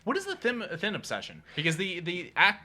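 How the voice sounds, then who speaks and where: A man's voice: sits high, huge pitch swings, brisk, bright, forceful tone. A man co-hosting a casual podcast chat, skeptical and blunt, arguing his points with swearing. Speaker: podcast co-host.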